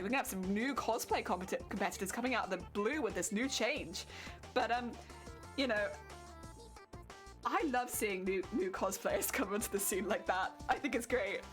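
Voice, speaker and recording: A woman's voice: a little high, fairly bright tone. A young woman, chatting casually and laughing often as she talks to viewers on her craft live stream.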